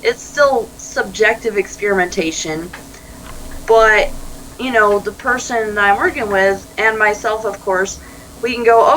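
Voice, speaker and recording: A life coach appears as a guest in a conversational interview, speaking a little slowly in a bright, forward, medium-pitched voice. She tells her stories animatedly, slipping into quoted dialogue and laughing easily. The recording is low quality, with a faint hiss in the background.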